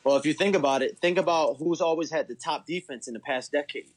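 A man's voice: a little high, quick pace. A man from Baltimore with a Baltimore accent, talking eagerly as a guest on a sports podcast. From Baltimore, USA. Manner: enthusiastic, talkative, says "bro". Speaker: guest fan. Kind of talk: casual sports podcast chat.

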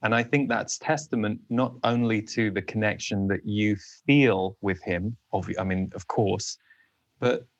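A man hosting an interview who speaks in a thoughtful, halting way and often repeats words. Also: on the low side, dry recording, muffled recording. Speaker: interview host.

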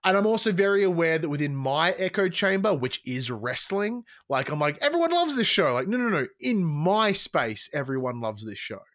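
A man hosting a podcast, talking in an animated, excitable way, swearing freely and often restarting his sentences. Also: fairly high pitch, normal speed, few pauses. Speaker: podcast host. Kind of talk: casual podcast chat.

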